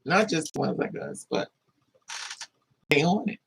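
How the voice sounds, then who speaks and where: A man telling a story in a casual monologue, animated and acting out voices with high-pitched squeals. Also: slow, creaky, husky, rough recording. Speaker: live streamer.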